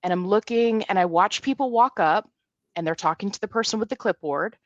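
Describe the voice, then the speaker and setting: A woman in her forties, a podcast guest, telling a story in a lively way and acting out what people said. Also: mid-range voice, a little fast, no echo, highs cut off. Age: 40s. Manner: animated storyteller, acts out quotes. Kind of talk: casual storytelling in a podcast interview.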